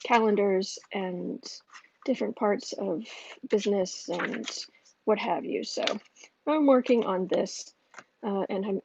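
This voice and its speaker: A woman's voice: mid-range voice, takes it slowly, vocal fry, darkish tone, dull audio, a little hiss or hum. A woman hosting a casual tarot livestream, rambling and chatty with frequent restarts. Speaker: astrology and tarot livestream host.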